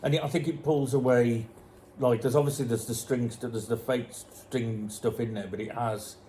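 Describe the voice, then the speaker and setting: A man in his forties talks as a guest at an average pitch, restarting his sentences as he goes. He is easygoing and often agrees. A faint hiss runs under the recording. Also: steady tone, moderate pace, dark tone. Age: 40s. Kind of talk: casual music chat.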